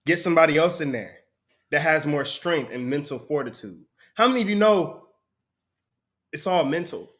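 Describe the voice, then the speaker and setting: A man's voice: a little high, expressive, normal speed, fairly bright tone. A man preaching a conversational sermon, often breaking into laughter between points.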